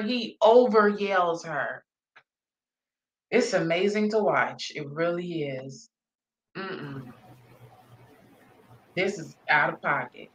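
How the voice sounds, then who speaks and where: A woman's voice: mid-range voice, highs cut off. A woman giving casual reaction commentary on a video, blunt and profane, laughing often.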